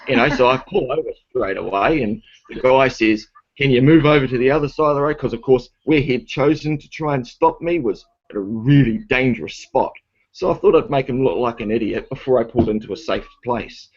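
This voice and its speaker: A man's voice: medium pitch, moderate pace, husky. A man telling a long story in a ranting, argumentative way, swearing heavily. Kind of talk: casual storytelling. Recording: dull lo-fi recording.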